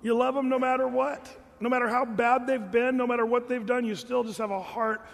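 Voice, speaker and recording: A man's voice: extremely high pitch, flat delivery, fairly quick, vocal fry, big-room sound. A middle-aged man preaching a sermon as pastor, earnest and folksy, talking straight to his congregation.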